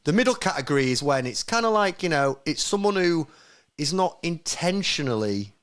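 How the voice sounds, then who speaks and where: A man's voice: fairly high pitch, sing-song, moderate pace, a bit bright. Man stumbling through a reading. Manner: stumbling reading aloud, laughing at himself. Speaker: podcast co-host. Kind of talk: casual podcast chat, reading a statement aloud.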